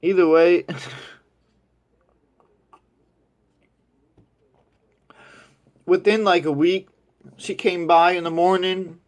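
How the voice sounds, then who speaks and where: A young man tells a story in a loose, rambling way, swearing freely. His voice sits fairly high for a man. He gets animated whenever he imitates the people in the story. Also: very slow, pauses often. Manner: crude, rambling, animated when quoting others. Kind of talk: casual storytelling.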